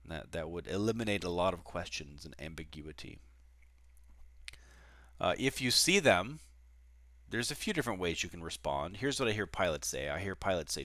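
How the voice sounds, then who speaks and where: A man's voice: deep voice, sharp tone, no echo, clean studio sound. A man teaching a recorded online class as a flight instructor, explaining casually with frequent fillers and restarts.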